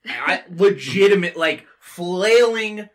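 A man co-hosting a podcast, chatting casually about a film in an animated, jokey way with some swearing. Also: high-pitched, slow. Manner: animated, jokey, swears, swings loud and quiet. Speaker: podcast co-host. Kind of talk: casual movie discussion.

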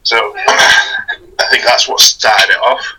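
A young man from Wales, a wrestler and strongman guest, chatting casually with a relaxed, laughing manner and many fillers. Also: fairly low pitch, slow, slightly rough, rough recording. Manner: laid-back, laughs often, hesitant fillers. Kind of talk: casual chat.

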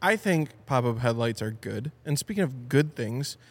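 A man co-hosting a casual podcast in a car shop, an animated storyteller who swears and acts out quotes loudly. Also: mid-range voice, moderate pace. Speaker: podcast co-host.

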